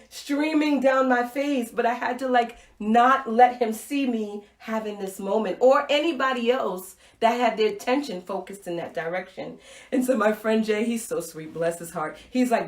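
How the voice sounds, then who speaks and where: A woman hosting a live-streamed inspirational talk, telling a personal story with animated acted-out reactions and dropping to a soft, intimate voice for key points. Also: fairly high pitch, roomy sound. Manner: animated storytelling, acts out her own reactions. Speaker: host. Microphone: Facebook Live stream, webcam or phone mic.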